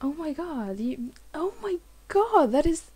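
A woman's voice: sits high, big pitch swings, takes it slowly, a little mellow. A woman hosting a let's play, giving emotional game commentary with swearing and lots of restarts.

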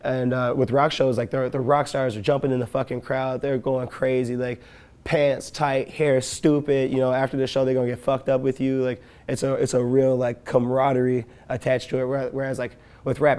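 A young man from Chicago, a rapper, telling profane, animated stories in a casual interview and acting out the people he quotes. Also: medium pitch, brisk, vocal fry.

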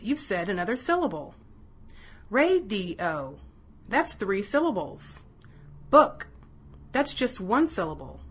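A woman giving scripted educational narration for children, clear and encouraging, sounding out words in pieces. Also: fairly high pitch. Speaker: instructional narrator.

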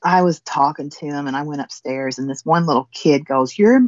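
A woman's voice: deep voice, fairly even intonation, fairly quick, no room sound, highs cut off. A woman with a southern Indiana accent, chatting folksily as she demonstrates a finishing technique step by step. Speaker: guest crafter demonstrating finishing. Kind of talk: casual demonstration chat.

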